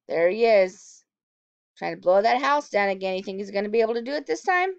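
A woman teacher reads a storybook aloud, her voice swooping up and down with lively expression. She keeps pausing to ask her young listeners questions. The sound is dull and dry, as if recorded close with a plain mic. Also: mid-range voice, clean tone, no echo.

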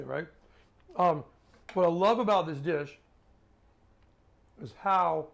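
A man's voice: fairly high pitch, gravelly. A man hosting his own cooking video, chatting casually as he cooks and tastes, with plenty of fillers and restarts.

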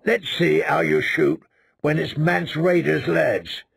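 A man voicing a bitter, cruel bully who sneers slowly and menacingly. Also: fairly high pitch, fairly even intonation, creaky, slightly rough, no echo, full character voice. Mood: sneering.

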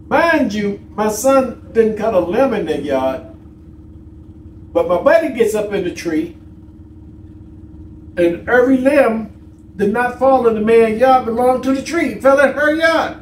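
Speaking a little slowly with frequent pauses, a man with a very high voice co-hosts a vlog and tells stories in casual conversation, bringing the quoted people to life with animated impressions. The room echoes, the mic is distant, and there's faint noise.

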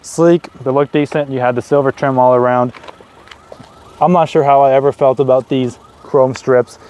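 Talking at a moderate pace in a mid-range voice, a young man in his twenties circles a parked car outside for a review. He's enthusiastic and conversational, slipping in offhand asides.

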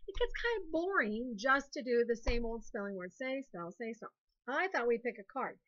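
High, bright-voiced cheerful woman teacher. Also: big pitch swings, normal speed, dull audio. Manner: cheerful, encouraging, spells words letter by letter. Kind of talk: recorded online classroom lesson.

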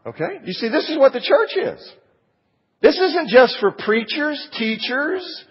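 A man's voice: extremely high pitch, sing-song, measured pace. A man teaching a Bible lesson in sermon style, emphatic and full of rhetorical questions. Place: church auditorium. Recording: long hall reverb, dull lo-fi sound.

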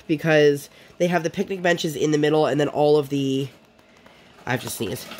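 A woman vlogger chatting casually while she crafts, rambling and full of fillers. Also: sits low.

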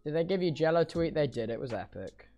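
A man's voice: fairly high pitch, expressive, fast, mellow, highs cut off, faint music behind. A young man streaming a few hours after surgery, groggy and talking a little thickly, rambling in slang with many restarts. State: groggy after surgery, speech slightly impaired. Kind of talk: casual chat reading viewer messages.

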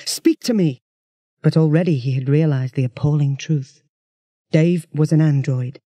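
A man narrates a children's science fiction storybook in a steady, storytelling way. His voice is mellow and a little husky. The recording is close and dry. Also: a little high, moderate pace, no room sound. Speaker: audiobook narrator.

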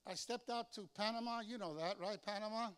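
High, bright-voiced pastor telling stories. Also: male voice, fairly quick, clear, resonant tone. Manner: storytelling, animated, acts out voices in anecdotes. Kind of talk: sermon. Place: church sanctuary.

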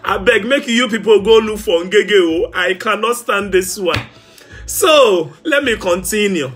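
A young man with a Ghanaian Pidgin English accent, hosting a live-stream gossip chat in a playful, teasing way, laughing and shouting often. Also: sits high, animated, measured pace, soft background music. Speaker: gossip show host.

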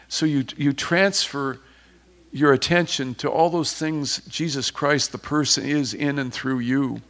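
A man's voice: mid-range voice, a little slow, a bit bright. A man preaching an informal sermon, conversational and rambling with many restarts, turning fervent at times.

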